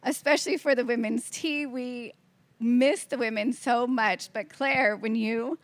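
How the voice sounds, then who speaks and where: A woman co-hosting a ministry talk, asking her guest questions in a relaxed, reflective way. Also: fairly high pitch, a little slow, dry recording. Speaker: co-host interviewer. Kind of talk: conversational ministry chat.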